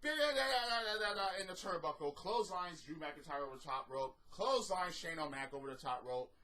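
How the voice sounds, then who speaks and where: A man's voice: fairly high pitch, a little fast, a bit bright, poor audio. A man giving an exasperated, profanity-heavy recap and review of a wrestling show, ranting as he goes.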